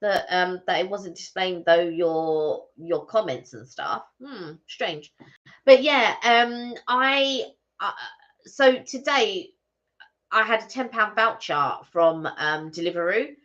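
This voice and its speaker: A woman's voice: mid-range voice, lively intonation, takes it slowly, a bit bright. A woman co-hosting a casual live stream, telling rambling stories with lots of restarts. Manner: chatty, rambling storyteller with many restarts. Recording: slightly muffled lo-fi stream audio.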